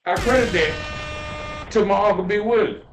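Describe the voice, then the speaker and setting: A man's voice: high-pitched, moderate pace, noisy background. A man hosting a podcast who tells emotional stories in a preachy way, repeating phrases and swearing freely. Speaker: podcast host. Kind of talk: emotional storytelling chat. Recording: roomy echo.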